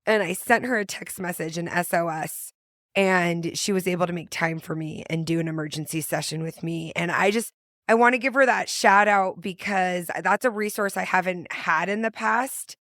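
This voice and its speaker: A woman's voice: fairly low pitch, normal speed, a bit bright. A woman hosting a podcast in casual, effusive chat, laughing often as she talks. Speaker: podcast host.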